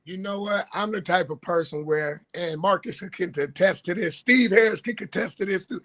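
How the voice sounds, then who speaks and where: Sports livestream cohost guy, high jumpy voice, bright and husky, laughs a lot. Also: normal speed. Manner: laughing, storytelling, loud bursts. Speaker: co-host. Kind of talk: casual sports talk. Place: livestream call.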